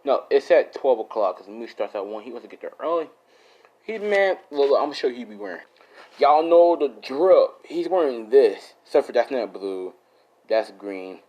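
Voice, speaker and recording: A man's voice: medium pitch, expressive, normal speed, warm tone. A man casually improvising a fan story, rambling, slangy and swearing, often correcting himself. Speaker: YouTuber storyteller.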